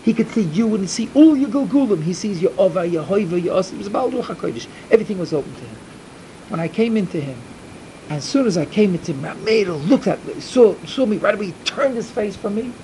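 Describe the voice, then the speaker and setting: A man telling a religious folk tale in the first person, slow and dramatic at times. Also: sits high, lively intonation, mellow, slight background noise, rough recording. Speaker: storyteller.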